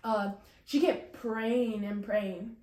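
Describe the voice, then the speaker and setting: A woman's voice: fairly high pitch, fairly even intonation, drawn-out words, dark tone, echoey room. A young woman casually sharing an emotional personal testimony, full of "like" and "you know". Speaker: guest sharing her testimony.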